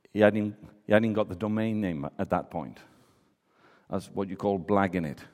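A man with a low, darkish voice preaches a sermon at normal speed, telling a story and acting out the voices of its characters. He is recorded in a reverberant hall.

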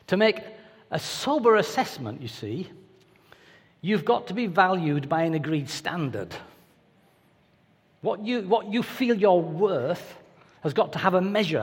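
A man's voice: high-pitched, big pitch swings, moderate pace, pauses often, husky. A man preaching a sermon in a conversational, anecdotal way with playful asides. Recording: reverberant hall.

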